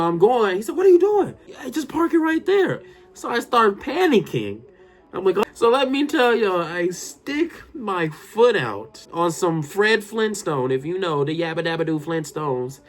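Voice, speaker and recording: A man telling a personal story to his viewers in a casual, excitable way, often addressing them directly. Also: medium pitch. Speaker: storytime YouTuber.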